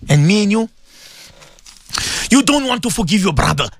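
A man preaching on the radio, impassioned and repetitive, swinging from low murmurs to high cries. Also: big pitch swings, moderate pace, no echo. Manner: repetitive, emphatic. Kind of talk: radio sermon.

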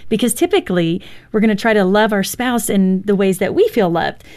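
A woman with a middle-pitched voice talks in a casual conversation. She chimes in often, laughs easily, and gives practical advice. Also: expressive, brisk, a little mellow. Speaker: guest, marriage counselor.

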